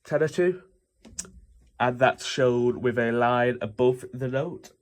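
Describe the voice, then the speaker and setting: Slow-talking young man explaining music theory. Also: mid-range voice. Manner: rambling, lots of fillers and self-corrections. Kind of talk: casual informal lesson explaining notation.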